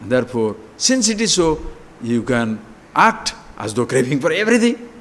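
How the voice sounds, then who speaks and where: A man giving a spiritual discourse, animated and full of rhetorical questions. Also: mid-range voice, normal speed. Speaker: spiritual teacher. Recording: long hall reverb.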